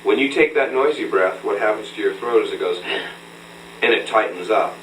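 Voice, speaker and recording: A male vocal coach talks a student through a hands-on breathing lesson, patient and instructive. His voice sits low. The old recording is roomy and faintly humming, with the mic set some way off. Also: normal speed, a bit bright. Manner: patient, instructive, checks in with frequent "okay?". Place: room with a mirror. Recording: roomy, distant, faint hum, old tape.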